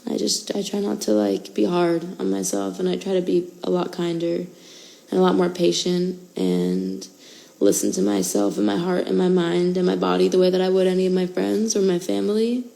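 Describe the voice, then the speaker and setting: A woman's voice: on the low side, normal speed, gravelly, dark tone, rough recording. A young woman in her twenties talking candidly and emotionally to fans in a casual livestream, with many fillers. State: out of breath.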